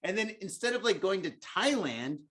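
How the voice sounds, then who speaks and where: A man's voice: high-pitched, sing-song, normal speed, a bit bright. A tipsy man hosting a podcast, rambling and joking in a profane, casual chat. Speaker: podcast host.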